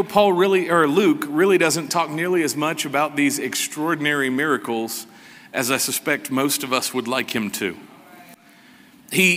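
A man preaching a sermon as pastor, slow and emphatic with a sarcastic edge. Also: on the high side, sharp tone, big-room sound.

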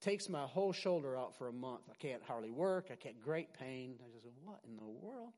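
A middle-aged man preaching a sermon as pastor, animated, swinging from loud emphasis to quiet asides and often restarting his words. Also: medium pitch, fairly quick. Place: large hall with a congregation. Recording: long hall reverb.

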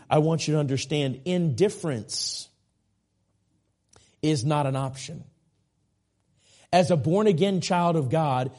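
Impassioned middle-aged evangelist preacher. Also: male voice, a little high, mellow. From United States. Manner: impassioned, repetitive, frequent restarts. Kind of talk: sermon.

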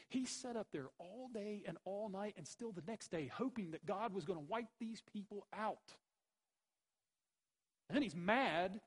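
A man's voice: on the high side, husky, low-quality recording. A man preaching a sermon, emphatic, with rhetorical questions and repeated phrases. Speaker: pastor.

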